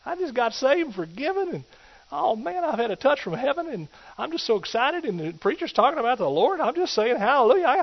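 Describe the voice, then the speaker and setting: A man voicing an overjoyed churchgoer who has just been saved, calling out in excitement. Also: very high-pitched, brisk, pitched above the performer's own voice, heavily acted. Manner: shouting, breathless with excitement. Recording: dull lo-fi recording.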